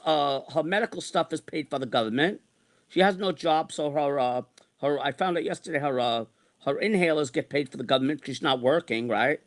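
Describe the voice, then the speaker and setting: A man in his sixties ranting in a repetitive, exasperated way as he vents in an online monologue. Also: a little high. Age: 60s. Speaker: online streamer.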